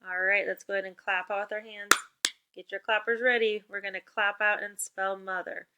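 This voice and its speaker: A woman teacher giving a remote spelling lesson to young children, upbeat and encouraging, with clear call-and-response prompts. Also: medium pitch, flat delivery, a little fast, very noisy.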